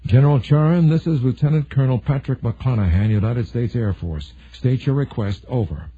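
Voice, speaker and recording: A tough, blunt Air Force colonel, as the narrator voices him, talking firmly and decisively in a military audiobook. The voice is husky and comes through a narrow, phone-like band. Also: male voice, medium pitch, normal speed, lightly acted.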